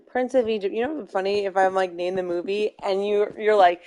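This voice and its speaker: A woman's voice: medium pitch, fairly even intonation, fast talker, warm tone. A young woman chatting casually while playing a game, telling stories with lots of fillers and giggles. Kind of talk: casual chat while gaming.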